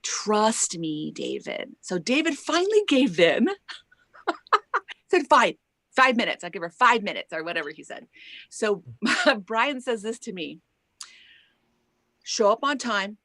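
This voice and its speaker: A woman singer telling an animated story as an interview guest, acting out quoted voices and tagging lines with "right?". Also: medium pitch, takes it slowly, long pauses, dry recording. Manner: lively storyteller who acts out quoted voices and laughs often; chatty, many "like" and "right?" tags.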